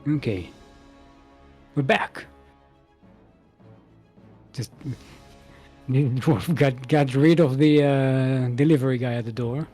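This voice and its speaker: A man's voice: mid-range voice, slow pace, pauses often, a little mellow, faint music behind. A man commentating a live strategy game match in a casual, playful way, often laughing and joking between play calls. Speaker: esports caster.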